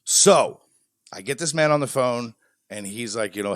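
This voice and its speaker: A man from the Midwest co-hosting a podcast, telling a long story in a lively, laughing way. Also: medium pitch, moderate pace, pauses often, dry recording, clean studio sound. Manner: animated storytelling, frequent laughter. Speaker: podcast co-host. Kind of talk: casual podcast chat.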